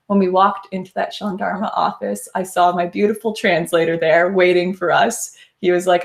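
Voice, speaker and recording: Young woman, low-pitched, casual storytelling, animated, laughs as she talks. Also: moderate pace, vocal fry. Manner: animated, laughs often while telling the story. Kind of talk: casual first-person storytelling.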